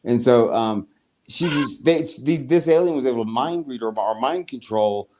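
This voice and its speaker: An adult man co-hosting a casual podcast at a middle pitch. He rambles through a TV episode recap with animated retelling, profanity and quick acted-out asides. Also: a little hiss or hum. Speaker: podcast co-host.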